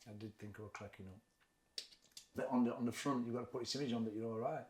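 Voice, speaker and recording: A man's voice: medium pitch, steady tone, fast, darkish tone. Frank Sheffield man in an echoey room. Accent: Sheffield Yorkshire. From Sheffield, England. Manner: frank, reflective, plain-spoken. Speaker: boxing trainer and former fighter. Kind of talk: candid interview storytelling.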